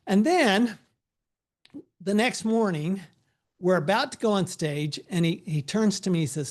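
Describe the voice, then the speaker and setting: A man's voice: high voice, a little slow, long pauses. Middle-aged man, tax advisor, storytelling seminar, video call mic, easygoing restarts. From United States. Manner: storytelling, relaxed, frequent restarts. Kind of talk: conversational presentation with anecdotes.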